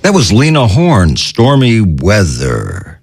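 A man hosting a radio show in a manic, zany way, stammering, shouting and giggling between his lines. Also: fairly low pitch, huge pitch swings, slow, gravelly, loud music behind the voice.

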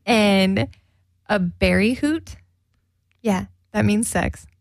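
A woman hosting a radio show, chatting casually on air in quick, giggly bursts from a studio. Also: mid-range voice, gravelly, dry recording. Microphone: studio mic.

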